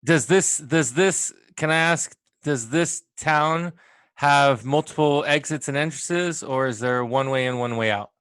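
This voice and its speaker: A man's voice: fairly high pitch, unhurried, fairly bright tone, smooth, no room sound, clean studio sound. A man playing a tabletop game, easygoing and laughing often. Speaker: player. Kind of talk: casual tabletop chat.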